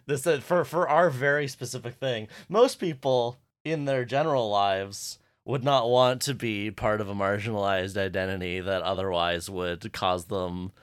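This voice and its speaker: A man's voice: lowish voice, fairly even intonation, moderate pace, hardly any pauses, clear, resonant tone, dry recording. A young man co-hosting a fan podcast in casual chat, hesitant and thinking aloud. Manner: hesitant, many fillers and restarts. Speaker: podcast co-host.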